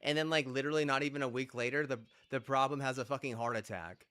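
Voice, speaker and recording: A man's voice: mid-range voice, fast, pushed and bright. A man streaming a game, ranting heatedly and profanely, with repeated rhetorical questions. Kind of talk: ranting chat while gaming.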